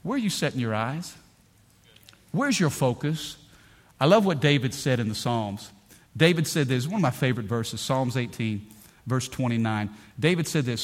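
A middle-aged man preaches to his congregation in a slightly high voice. He tells stories with energy, rising to loud bursts and dropping to near-hushed lines. He calls out to the people in the pews as he goes. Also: moderate pace. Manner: animated storytelling, swinging between loud bursts and hushed lines. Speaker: pastor. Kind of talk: sermon. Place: church.

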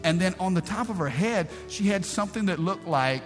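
A middle-aged man preaches with a fairly high, lively voice and a folksy, storytelling manner. He fires off rhetorical questions at his congregation. His voice rings through a reverberant sanctuary, with faint band music underneath. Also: fairly quick. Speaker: pastor. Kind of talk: live sermon storytelling. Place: church sanctuary.

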